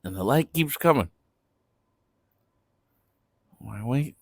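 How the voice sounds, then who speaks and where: A man's voice: on the low side, expressive, measured pace, no echo, studio quality. A young man telling a party story in a laid-back, slangy way. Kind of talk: casual storytime vlog.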